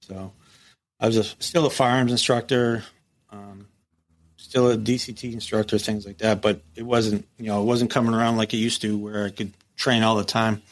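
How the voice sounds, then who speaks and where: A man's voice: lowish voice, moderate pace. A middle-aged man, a former prison captain, telling stories bluntly and profanely in a casual interview. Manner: blunt, profane, lively storyteller who acts out quotes.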